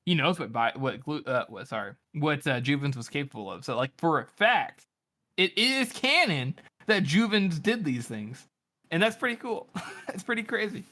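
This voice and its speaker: A young man co-hosting a podcast, talking excitedly with many fillers. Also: fairly high pitch, moderate pace. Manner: excitable, lots of fillers and laughs. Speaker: podcast co-host. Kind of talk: casual chat.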